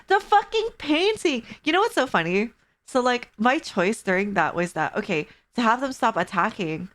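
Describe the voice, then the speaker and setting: A young woman in her twenties giving casual, excitable and slangy let's-play commentary, laughing often. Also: fairly high pitch. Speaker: gaming streamer. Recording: faint background game music.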